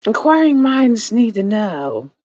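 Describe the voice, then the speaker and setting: A woman's voice: on the high side, sing-song, takes it slowly, a little mellow, dry recording. A middle-aged woman, telling a rambling story to her live stream viewers and laughing often. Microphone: phone or webcam on a live stream. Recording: dull, slightly lo-fi stream audio.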